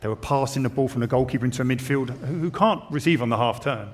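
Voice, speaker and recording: Brief: ex-coach turned pundit, mid pitch, long room reverb. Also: male voice, fast talker. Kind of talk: casual football chat.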